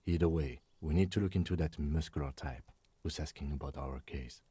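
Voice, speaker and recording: A man voicing a calm, methodical male police detective in a game, speaking in a level, matter-of-fact way. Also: very deep voice, fairly quick, breathy edge, dry recording. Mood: composed.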